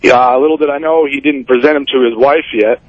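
A man's voice: medium pitch, steady tone, a little fast, dry recording, muffled recording. A man calling in to a radio show, casually telling an embarrassing story. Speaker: caller. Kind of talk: phoned-in anecdote.

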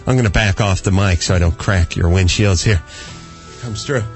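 A man's voice: deep voice, moderate pace, faint music behind. A man hosting a comedy radio show, telling stories theatrically and acting out scenes.

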